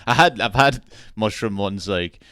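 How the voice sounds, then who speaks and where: A man's voice: on the low side, a little slow, fairly bright tone, no room sound, studio quality. A man co-hosting a podcast, telling stories in casual, sweary chat and laughing often. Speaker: podcast co-host.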